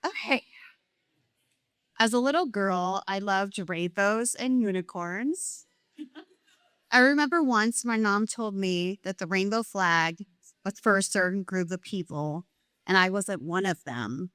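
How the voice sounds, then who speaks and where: A woman's voice: medium pitch, slow pace, a bit bright, clear, resonant tone, no room sound, studio quality. Emotional middle-aged woman telling a story. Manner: heartfelt, emotional, reading from pages. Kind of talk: personal story read aloud at a live event.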